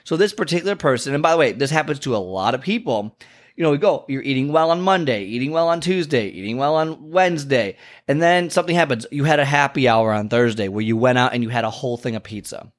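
Speaking fast, a male health and fitness coach gives casual talking-head advice on why goals get missed. He's an animated storyteller who keeps checking in with "okay?" and "you know" and makes big pitch leaps when voicing clients and himself.

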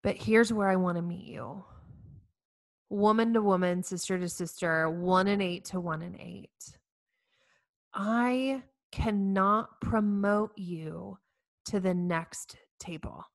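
A woman's voice: medium pitch, takes it slowly, no room sound. Earnest woman in her forties. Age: 40s. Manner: earnest, animated storyteller with self-mocking humor. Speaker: speaker addressing women facing infertility. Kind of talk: heartfelt inspirational talk.

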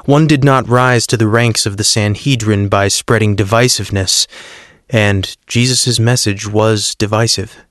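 A man reading a story aloud in a measured, earnest narration. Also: on the low side, fairly even intonation, a bit bright, no room sound, clean studio sound. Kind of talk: scripted narration.

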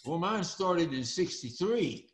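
An older man, telling stories in a folksy, animated way as an interview guest. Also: fairly high pitch, slow pace, reverberant. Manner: folksy and animated, acts out quoted voices. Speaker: interview guest, former speaker and coach. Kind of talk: storytelling interview.

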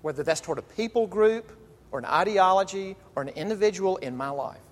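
Man preaching in an echoing hall. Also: sits high. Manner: animated, emphatic preaching with drawn-out phrases. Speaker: pastor. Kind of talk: sermon. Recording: long reverb of a large hall.

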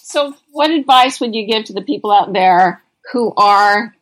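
A woman's voice: medium pitch, unhurried, fairly bright tone. A woman host and author asking a long, thoughtful question in casual interview talk, rambling as she builds up to it.

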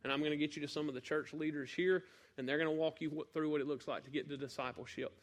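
A man from northeast Mississippi with a Southern accent, preaching a sermon and telling a folksy story with sudden loud bursts. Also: fairly high pitch, steady tone, quick pace.

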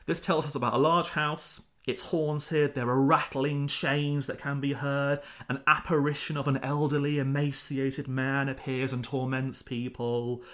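A historian appears as a guest on a podcast, chatting casually and animatedly acting out the quotes in his stories. He speaks in a mid-range voice, a little slowly, with hardly any pauses.

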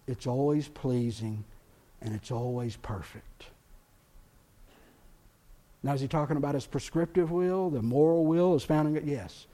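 A man's voice: medium pitch, warm tone. A man preaching a sermon as pastor, building emphasis and acting out quoted prayers and doubts.

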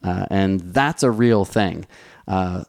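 In a low, gravelly, darkish voice and at a slow pace, a restaurant owner gives casual career advice in response to viewer questions. His talk is conversational, full of restarts and "you know" fillers.

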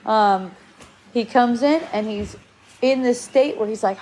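High-pitched woman in her 40s, chatty storytelling, acts out quotes, laughs a lot, faint hiss behind. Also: expressive, moderate pace, darkish tone, poor audio. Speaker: speaker sharing spiritual experiences. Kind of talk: personal storytelling talk.

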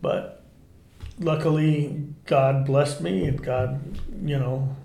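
A man's voice: medium pitch, takes it slowly, gravelly, reverberant. A man who was an undercover cop, telling his stories in a casual, profane way and acting out what people said. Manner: animated, profane, acts out quotes. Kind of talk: casual storytelling interview.

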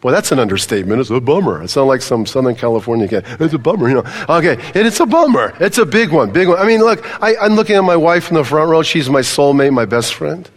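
A man's voice: a little high, animated, quick pace, few pauses. An older man preaching a sermon to a congregation, conversational and full of questions to the audience. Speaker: pastor. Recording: long reverb of a large hall.

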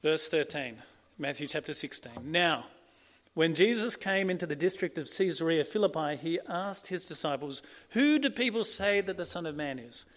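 A man preaching a sermon and reading from scripture, earnest, rising to emphatic points and dropping to hushed ones. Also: on the high side, expressive, normal speed.

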